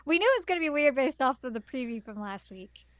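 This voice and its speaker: A woman's voice: sits high, sing-song, fast, fairly bright tone, dry recording, studio quality. A woman co-hosting a casual anime recap podcast, amused and giggly. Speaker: podcast co-host.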